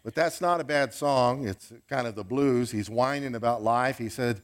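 A man's voice: medium pitch, normal speed, hardly any pauses. A male pastor preaching a sermon in a wry, conversational way, posing questions to the congregation.

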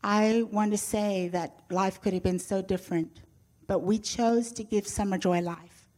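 An older woman speaks to a church congregation about her faith. Her voice sits at an ordinary pitch for a woman. She talks in an earnest, heartfelt way and slips in gentle humor now and then. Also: fairly even intonation, unhurried. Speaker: guest speaker sharing a faith testimony. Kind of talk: personal testimony to a church audience.

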